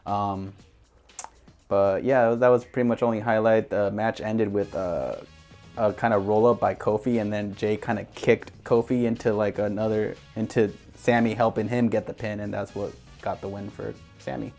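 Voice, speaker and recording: A man's voice: lowish voice, steady tone, moderate pace, a little mellow, faint music behind. A man co-hosting a casual recap chat, rambling and hesitant with lots of fillers. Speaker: podcast co-host.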